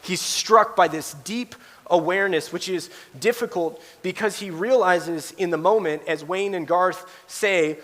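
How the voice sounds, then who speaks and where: High-voiced man preaching in a reverberant hall. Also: measured pace. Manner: animated, acts out quoted voices. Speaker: pastor. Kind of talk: sermon.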